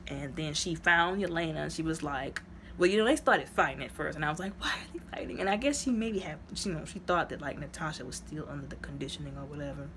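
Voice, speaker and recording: A woman with a lowish voice rambles her way through a movie recap, piling up "like" and "you know" as she goes. Her retelling is chatty and animated, and her voice suddenly leaps into high exclaiming tones. The faint noise behind her is barely noticeable. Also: fast talker. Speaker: movie reviewer.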